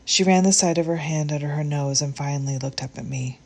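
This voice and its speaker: A woman reading a short story aloud in a gentle, measured way. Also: low-pitched, gravelly. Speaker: audiobook narrator.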